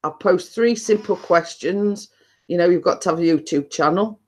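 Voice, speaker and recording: A woman's voice: lowish voice, moderate pace. Rambling woman host. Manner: rambling, repeats herself with many fillers. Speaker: livestream host. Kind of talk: casual chat to a live audience.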